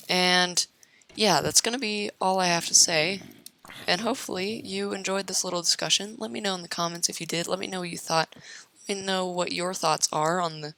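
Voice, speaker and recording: A woman's voice: fairly low pitch, sharp tone, slight background noise. A young American woman casually rambling while she plays a game, meandering with many fillers and restarts, her voice getting worn. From United States. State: losing her voice. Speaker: YouTuber.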